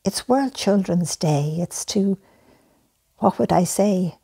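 Slow, gravelly, soft-spoken woman making an earnest appeal. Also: lowish voice, expressive. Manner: soft-spoken, earnest, drifting into breathy whispers. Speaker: charity founder making an appeal.

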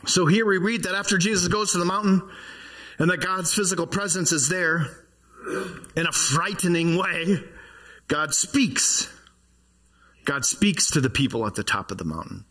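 Male pastor, sermon in a church, fairly high voice, husky, chatty with the room. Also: lively intonation, unhurried, long pauses, bright, forceful tone. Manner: conversational, asks the congregation questions.

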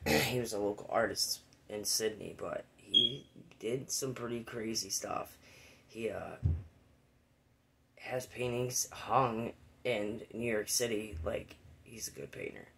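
A man casually telling a rambling, profane personal story, quoting friends with animated voices. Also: fairly low pitch, slow pace, creaky.

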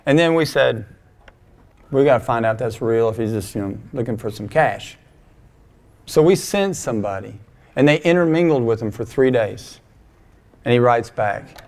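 A male pastor giving a passionate sermon to a congregation, swinging between emphatic highs and quiet, low asides. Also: unhurried. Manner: passionate, emphatic preaching with wide swings in loudness. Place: church sanctuary before a congregation.

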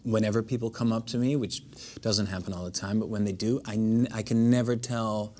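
Thirties actor guest, general American accent learned from a coach, lower pitch, restarts often. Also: male voice, fairly even intonation, a little mellow. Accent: general American, trained. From Netherlands. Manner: thoughtful, halting, many restarts. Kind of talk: interview conversation.

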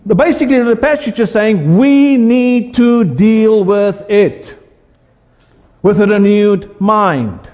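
A man's voice: high-pitched, a little mellow. A man, an Afrikaans speaker, preaching a sermon as pastor, often repeating and restarting words and acting out quoted voices. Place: church hall. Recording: dull sound with long hall reverb.

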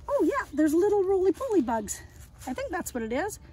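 A woman leading an outdoor lesson for young children, talking gently in a sing-song way, as if to friends. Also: very high-pitched, big pitch swings, fairly quick. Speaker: early years educator. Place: outdoors in a yard and woods.

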